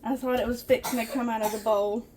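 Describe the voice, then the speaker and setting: A woman's voice: a little high, quick pace, crowd noise. A woman chatting to viewers while baking in her small home kitchen. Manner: chatty, easily excited, talks to viewers as "guys". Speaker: home cooking vlogger. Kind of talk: casual cooking demonstration.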